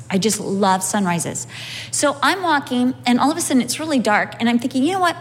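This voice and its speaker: A woman telling personal stories in a sermon, lively and humorous as she recounts them. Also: high voice, slight background noise. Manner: animated, humorous storytelling. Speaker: speaker sharing a testimony. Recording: long hall reverb.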